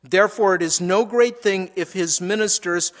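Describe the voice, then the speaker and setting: A man's voice: high voice, moderate pace. A man preaching a sermon, reading scripture verses aloud and explaining them, with frequent small repetitions. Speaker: pastor.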